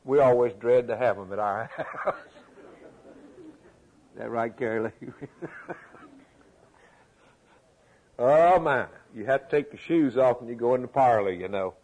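Husky preacher man. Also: medium pitch, a little slow, long pauses, darkish tone, low-quality recording. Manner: emphatic, repetitive preaching with rhetorical questions. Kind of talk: sermon.

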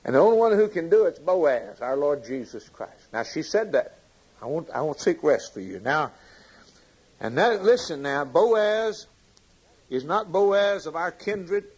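A man preaching a sermon with fervent delivery, swinging from loud emphasis to hushed lines. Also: fairly high pitch, husky, low-quality recording.

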